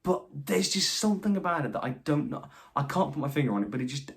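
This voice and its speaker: A man's voice: lively intonation, quick pace, vocal fry. A young man casually reviewing films in a ranked list, upbeat and chatty, lifting his voice to announce each new number. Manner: enthusiastic, announces each rank with a lift in pitch. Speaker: film reviewer.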